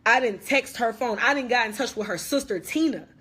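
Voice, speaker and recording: A woman's voice: fairly low pitch, a little slow, a bit bright. A young woman playing a dramatic ex-best friend who rambles through a slangy, repetitive rant on a phone livestream. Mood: heated, indignant. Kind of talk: comedic social media live rant.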